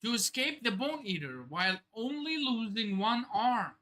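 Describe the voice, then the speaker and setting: A woman's voice: fairly high pitch, big pitch swings, moderate pace, a bit bright. A woman hosting a live manga reaction stream, thinking aloud, exclaiming, swearing and laughing as she reads. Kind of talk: excited live reaction commentary.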